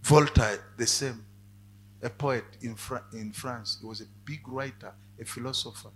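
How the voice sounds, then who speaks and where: A male preacher giving a sermon, dropping to quiet asides and then rising to loud, emphatic cries. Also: mid-range voice, measured pace, slight background noise.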